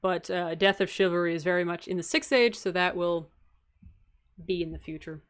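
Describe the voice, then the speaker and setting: A young woman streams a game and chats casually, answering viewer questions with frequent giggles between replies. Her lowish voice keeps a fairly even intonation at normal speed, and she rambles with lots of fillers and asides.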